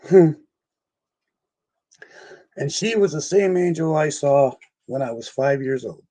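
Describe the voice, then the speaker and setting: An older man who investigates the paranormal rambles through personal stories in a casual interview, laughing often and acting out other people's voices. His voice sits fairly high and sounds mellow and animated, and he speaks slowly.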